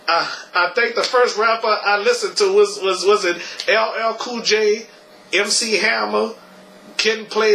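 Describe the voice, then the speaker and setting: A man's voice: high voice, pushed and bright, poor audio. A young man vlogging casually, stammering and repeating his words, and ending lines with "you know" and "okay.". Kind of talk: casual tribute vlog.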